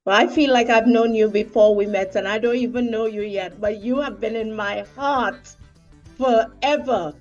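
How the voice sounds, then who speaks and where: A woman in her forties with a Trinidadian accent, a stage actor chatting casually, often laughing and pausing mid-thought. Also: on the high side, lo-fi sound, soft background music. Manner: warm, laughs often, halting. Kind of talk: casual conversation.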